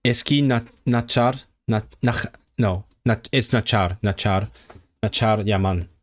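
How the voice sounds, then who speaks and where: On the low side and unhurried, a man's voice carries a casual livestream of his own language study. He mulls things over aloud and repeats foreign vocabulary as practice.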